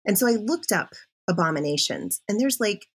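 A middle-aged woman, a podcast guest, telling her personal story in an animated, confessional way. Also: medium pitch, normal speed, slightly rough. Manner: animated and confessional, with self-interruptions.

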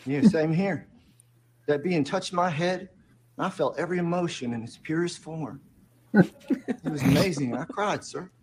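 Weepy earnest abductee man, slow, voice a touch high, background noise. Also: a little mellow. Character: tearful man abductee overcome with joy. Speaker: alien abductee.

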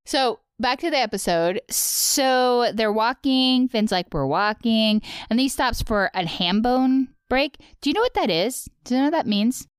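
Smooth-voiced chatty woman. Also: fairly high pitch, lively intonation, normal speed, hardly any pauses, dry recording, studio quality. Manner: chatty, recaps scenes by acting out quotes. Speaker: podcast co-host. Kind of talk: casual chat recapping a cartoon.

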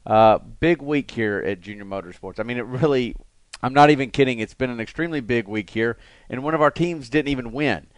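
A man hosting a podcast in casual, rambling chat with the odd laugh. His voice is smooth and clear at a middle pitch. The sound is dry and close, recorded in a studio. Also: a little fast, no room sound. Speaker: podcast host. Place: radio studio.

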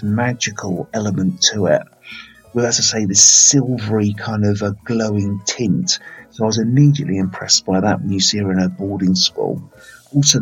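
A man's voice: lowish voice, breathy edge, dull audio. A man hosting a casual film review podcast, rambling and playful with lots of fillers.

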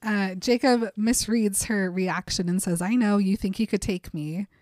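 A woman's voice: medium pitch, measured pace, darkish tone, dry recording, studio quality. A woman co-hosting a casual chat, reading a novel aloud and giving its dialogue light acting. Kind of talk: reading a book aloud and chatting.

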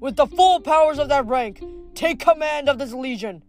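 A man's voice: very high voice, normal speed, faint music behind, pitched above the performer's own voice. A reader voicing a young male praetor giving formal orders in a drill-sergeant manner. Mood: formal, commanding.

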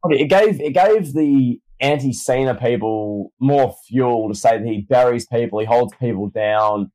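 Male co-host, conversational and questioning, average pitch, easy podcast banter. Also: moderate pace, darkish tone, rough recording. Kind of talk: casual wrestling discussion.

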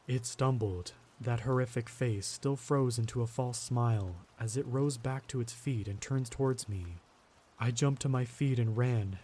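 A man narrating a scripted horror story in a tense, measured way. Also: medium pitch, mellow, a little hiss or hum.

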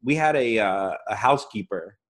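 A man hosts a loose, comedic podcast conversation, laughing often as he talks. His pitch sits in the middle but swings widely with animation, and he slips into playful quoted voices. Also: lively intonation, normal speed. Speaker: podcast host. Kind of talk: casual comedic chat.

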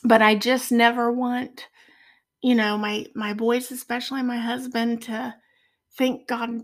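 Soft-spoken woman sharing a faith story. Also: a little high, level tone, unhurried. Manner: earnest, tearful at moments. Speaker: podcast guest. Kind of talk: personal faith testimony.

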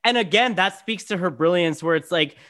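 Enthusiastic man with a fairly high voice. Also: brisk, pushed and bright. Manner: enthusiastic, stammering restarts. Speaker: guest, actor and comedian. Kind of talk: casual chat.

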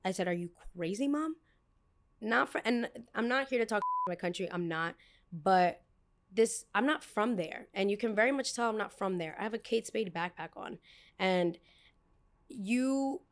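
Young woman podcast host, lively storyteller who acts out every character she quotes. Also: normal speed. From United States, New York. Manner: animated storyteller who acts out quoted people with jumps in pitch and loudness. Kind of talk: storytime chat.

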